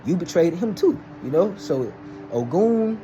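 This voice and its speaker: A man's voice: high voice, a little slow, highs cut off, slight background noise. Slangy young man telling a story. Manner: slangy, rambling, animated. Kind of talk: casual storytelling.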